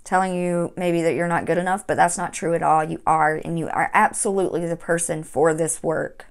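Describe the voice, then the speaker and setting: A woman hosting a tarot reading, speaking in a gentle, encouraging way with frequent fillers and restarts. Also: on the low side, fairly even intonation, a little fast, clear, resonant tone. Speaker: tarot reader. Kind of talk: monthly tarot reading to camera.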